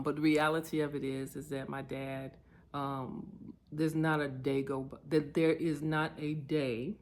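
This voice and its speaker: A woman's voice: sits low, slight background noise. Candid woman reflecting in a vlog. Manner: candid and heartfelt, warming into lively storytelling. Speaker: vlogger.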